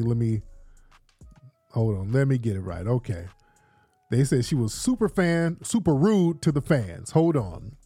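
Rambling animated man hosting a vlog. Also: medium pitch, creaky. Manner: rambling, repeats himself, laughs often. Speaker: vlog host. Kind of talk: casual commentary vlog.

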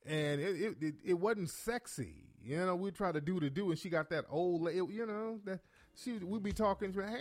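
A man in his forties hosting a call-in radio show, telling profane, animated stories and laughing often. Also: high-pitched, a little fast, faint music behind. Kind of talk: comedic call-in radio talk.

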